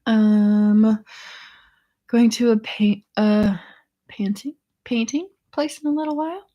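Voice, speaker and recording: A woman's voice: fairly high pitch, steady tone, slow, dark tone, highs cut off. A young woman hosting a casual livestream chat, reading viewers' comments, laughing often and trailing off with ums. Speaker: chronic illness vlogger hosting a live chat.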